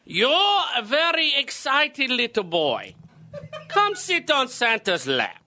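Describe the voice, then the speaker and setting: A man's voice: very high voice, wildly swooping pitch, slow pace, bright, forceful tone, a little hiss or hum, full character voice. A man doing a stern German Santa. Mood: bossy. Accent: German (put on). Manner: clipped, commanding, laughing through lines. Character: stern German-accented male Santa Claus, bossy. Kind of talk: radio comedy sketch.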